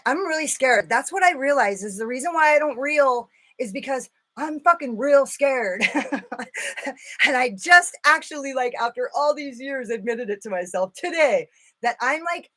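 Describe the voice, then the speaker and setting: A woman's voice: a little high, moderate pace, a bit bright. A woman hosting a casual makeup live stream, rambling and swearing freely, full of filler words. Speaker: makeup livestream host.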